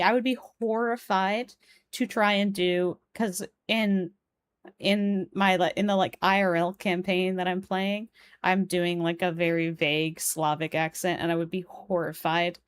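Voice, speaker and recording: A woman's voice: on the low side, steady tone, moderate pace, clear, resonant tone. A young woman with a Polish accent, streaming a puzzle game and chatting as she plays, reading the game's text and viewers' messages aloud. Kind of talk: live game stream commentary.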